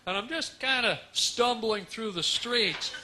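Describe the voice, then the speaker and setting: A man's voice: extremely high pitch, unhurried, sharp tone, slight background noise. A man doing a rambling stand-up comedy set on a club stage, riffing into absurd nonsense wordplay.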